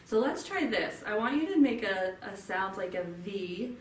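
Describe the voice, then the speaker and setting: A woman's voice: medium pitch, expressive, normal speed, very noisy. A woman speech therapist leading a group voice workshop, demonstrating hums and explaining the vocal cords in a friendly way. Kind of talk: live workshop instruction. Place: room with a group. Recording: roomy, from a distance, faint ambience.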